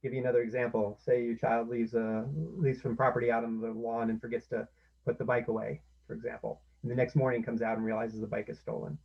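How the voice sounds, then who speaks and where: Gravelly, husky man explaining parenting tips. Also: medium pitch, little pitch movement, fast, dull audio. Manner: explains step by step, often acting out what parents can say. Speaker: parenting workshop presenter. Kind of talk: instructional talk.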